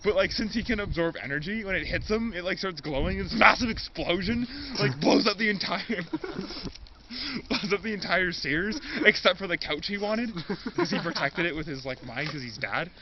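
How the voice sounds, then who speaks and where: A man's voice: high-pitched, lively intonation, a little fast. Young man rambling through an absurd story. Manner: rambling, heavy use of "like", chuckling. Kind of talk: absurd improvised comedy story. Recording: dull lo-fi recording with crowd noise.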